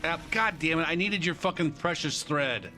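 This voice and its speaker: A man streaming a live playthrough, excitable and swearing a lot as he talks to himself over clear game music. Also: fairly high pitch, moderate pace. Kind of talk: live gameplay commentary.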